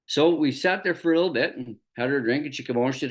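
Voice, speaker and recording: A man from Canada talking through his business in a relaxed, folksy way. His pitch moves a lot, rising and dipping as he acts out back-and-forth conversations. It comes across like a friendly training talk to his team. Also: fast talker, few pauses. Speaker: network marketing business trainer. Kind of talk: casual motivational talk with storytelling.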